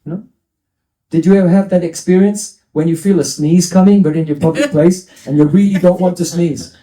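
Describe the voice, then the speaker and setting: Man, high mellow voice, devotional lecturer in an echoing room, playful explainer. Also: fairly even intonation, fairly quick. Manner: explains scripture terms, playful asides. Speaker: spiritual teacher.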